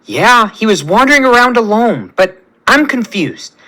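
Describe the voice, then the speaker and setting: A man's voice: high voice, sing-song, normal speed, bright, forceful tone, voice pushed up, full character voice. A man reading as eager young Johnny. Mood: excited. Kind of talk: reading a fan story aloud.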